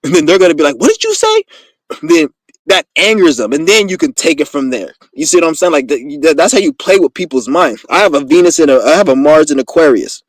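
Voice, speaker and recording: Fast-talking man in a rambling rant. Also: fairly high pitch, dry recording, low-quality recording. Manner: rambling, profane, boastful storytelling. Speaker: vlogger. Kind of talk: casual monologue.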